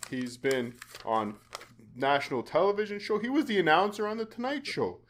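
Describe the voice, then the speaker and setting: Podcast guy, kinda high voice, earnest and halting, lots of restarts. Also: lively intonation, a bit bright, a little hiss or hum. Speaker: podcast host. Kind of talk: casual podcast chat.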